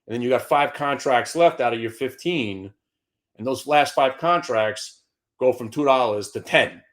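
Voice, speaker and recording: A man hosting a live stock trading show, brash and taunting, dropping to mutters and bursting into shouts. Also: mid-range voice, normal speed.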